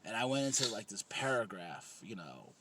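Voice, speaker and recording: A man's voice: fairly low pitch, big pitch swings, moderate pace, crowd noise. A man in his thirties co-hosting a casual comedy podcast, rambling and swearing, laughing often. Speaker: podcast co-host.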